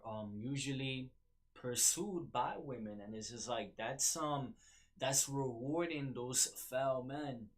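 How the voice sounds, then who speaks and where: A man hosting a podcast, talking in casual solo commentary with many ums and repeated words. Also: medium pitch. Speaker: podcast host.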